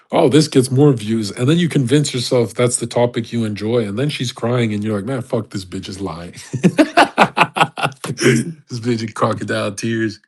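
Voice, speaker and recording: A man's voice: mid-range voice, husky. A young man ranting casually on a live audio chat, brash and profane, laughing often. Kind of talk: casual rant.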